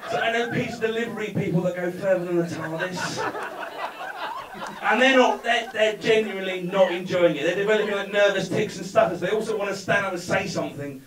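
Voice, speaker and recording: A man's voice: sits high, brisk, a crowd in the background. A man doing a sardonic stand-up routine on a club stage, rambling through his story. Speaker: stand-up comedian. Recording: echoey room, far mic, background noise.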